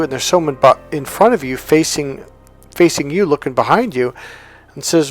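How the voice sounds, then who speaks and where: Male self-help coach, casual to-camera monologue, rambling anecdotes with acted-out quotes, mid pitch, faint music underneath. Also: animated, normal speed. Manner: rambling storyteller, restarts and acts out quotes.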